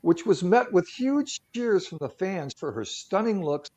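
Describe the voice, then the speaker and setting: A man's voice: high voice, animated, unhurried, darkish tone. A man co-hosting a talk show who tells stories casually, with jokey asides and lots of fillers. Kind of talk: casual storytelling segment.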